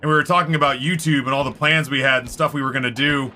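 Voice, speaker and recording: Bright-voiced man rambling through stories. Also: mid-range voice, fast talker, slight background noise. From Canada. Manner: rambling, swearing, animated quoted voices. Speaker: streamer. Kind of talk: casual storytelling while gaming. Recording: faint music behind.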